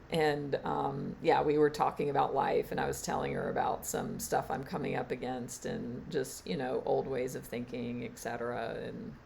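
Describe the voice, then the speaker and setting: A woman teacher giving a reflective spiritual talk on a live stream, halting and trailing off with fillers. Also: very deep voice, fairly even intonation, gravelly, a little mellow, a little hiss or hum. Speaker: meditation and Reiki teacher.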